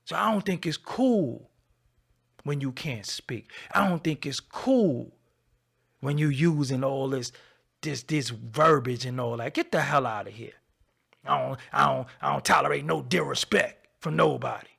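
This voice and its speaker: Channel host, man, gravelly voice, scolding rant, mid-pitched. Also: unhurried. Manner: confrontational, scolding, swings from loud to low. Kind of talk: ranting commentary to camera.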